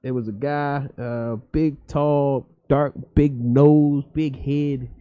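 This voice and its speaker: A man's voice: mid-range voice, fairly even intonation, slow. A man from Philadelphia, a guest comedian, telling stories in a loose, profane, rambling way full of fillers. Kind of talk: casual storytelling chat. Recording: dull lo-fi podcast audio.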